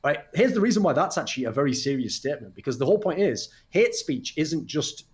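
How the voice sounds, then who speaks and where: A man speaking as a guest in a casual podcast chat, blunt and profane, telling animated stories. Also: a little high, fast talker. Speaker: podcast guest, retired pro gamer.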